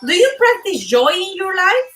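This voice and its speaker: Bright high-voiced animated woman host. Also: normal speed, recorded from a distance, poor audio. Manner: animated, emphatic, laughs often. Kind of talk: live motivational talk show.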